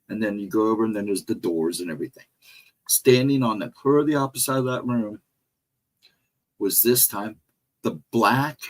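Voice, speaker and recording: A middle-aged man with a husky, breathy voice tells a personal ghost story in a loose, casual way. He rambles, backs up mid-sentence and walks through each turn and hallway in detail. His voice sits at an ordinary pitch for a man. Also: low-quality recording. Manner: rambling, retraces directions step by step, frequent restarts. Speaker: guest storyteller on a paranormal talk show.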